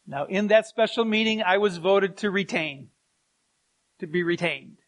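A man's voice: sits high, measured pace. A middle-aged man, a pastor, preaching a sermon and telling stories with chuckles and asides.

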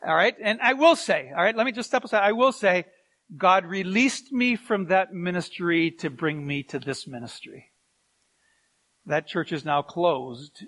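A man's voice: sits high, a bit bright. A middle-aged man, a pastor, preaching a sermon and telling stories with chuckles and asides.

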